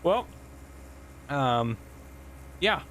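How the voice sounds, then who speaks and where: A man's voice: mid-range voice, very animated, extremely slow, fairly bright tone, a little hiss or hum. A man casually commentating a farming game and telling police stories, chatty and laughing often. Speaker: gameplay host and police officer.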